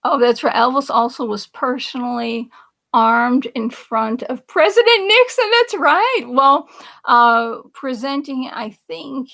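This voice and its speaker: A woman's voice: high-pitched, animated, takes it slowly, gravelly, bright, forceful tone. A middle-aged woman hosting a casual political commentary livestream, chatting, reading viewer comments aloud and laughing often. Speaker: livestream host.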